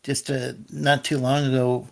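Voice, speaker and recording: A man's voice: medium pitch, little pitch movement, a little slow, creaky. A man guesting on a livestream, insistently pressing his point in a casual argument. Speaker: stream guest.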